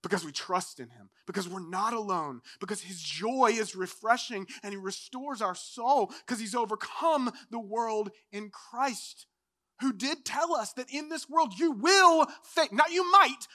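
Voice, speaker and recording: A young adult man preaching a sermon as pastor, impassioned, swinging from loud declarations to hushed, low passages. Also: unhurried.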